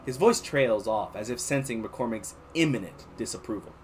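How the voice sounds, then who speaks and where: A man streaming casually, reading an interactive story aloud and chatting to his viewers in an animated way. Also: mid-range voice, normal speed, few pauses, slight background noise. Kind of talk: casual livestream read-aloud.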